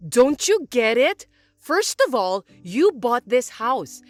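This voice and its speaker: A woman voicing a spiteful middle-aged mother-in-law who scolds and complains loudly in an animated text story. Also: a little high, slow pace, soft background music. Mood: complaining. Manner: accusing, loud, whiny.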